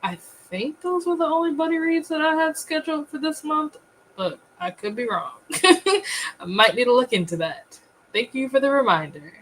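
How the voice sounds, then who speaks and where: A woman hosting a casual livestream, chatty and quick to laugh as she greets viewers. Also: sits high, very animated, fairly bright tone, a little hiss or hum, low-quality recording. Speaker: livestream host.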